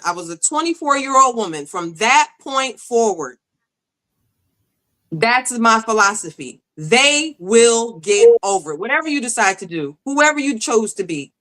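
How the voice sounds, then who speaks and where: Bright-voiced woman telling her story. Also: a little high, low-quality recording. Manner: earnest, emphatic, conversational. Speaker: guest. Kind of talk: candid personal storytelling.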